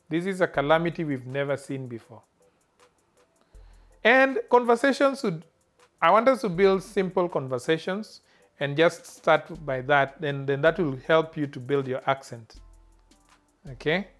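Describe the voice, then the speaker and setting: A man teaching a language lesson, saying each phrase slowly and repeating it clearly. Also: fairly high pitch, animated, a bit bright, faint music behind. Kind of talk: slow spoken language lesson.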